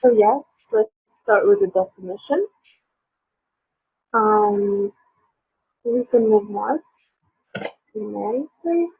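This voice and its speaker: A woman's voice: mid-range voice, sing-song, extremely slow, gravelly, pauses often, slightly rough, no echo. A woman teaching an online English lesson, hesitant with many fillers, her voice sore. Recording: tinny phone-like line.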